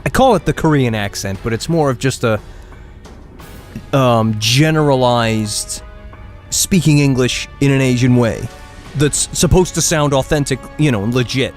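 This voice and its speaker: A man's voice: mid-range voice, normal speed, faint music behind. A man chatting casually while streaming a game, rambling and restarting his sentences. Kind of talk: casual gameplay commentary.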